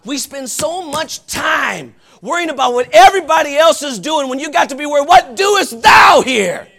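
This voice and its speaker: A man preaching a fervent sermon with folksy asides, often rising to shouts. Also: extremely high pitch, brisk. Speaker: pastor.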